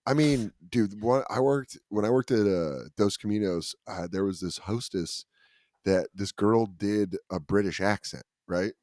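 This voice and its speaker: A man in his late thirties from Colorado, a comedian chatting casually on a podcast, animated and full of impressions. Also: lowish voice, measured pace, no echo, clean studio sound. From Aurora, Colorado. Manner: animated storyteller, frequent voice impressions, laughing. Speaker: comedian guest.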